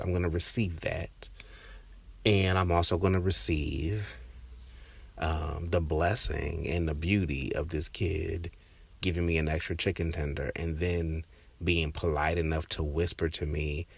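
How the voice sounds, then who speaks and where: Deep gravelly man musing aloud. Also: no room sound. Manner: reflective, halting, with many restarts and fillers. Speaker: podcast host. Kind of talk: casual personal storytelling.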